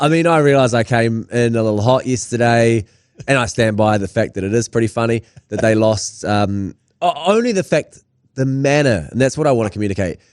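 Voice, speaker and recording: A man's voice: medium pitch, fairly quick, dry recording, studio quality. A young New Zealand man with a Kiwi accent, rambling wryly through casual podcast banter as a guest co-host. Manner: wry, rambling storytelling.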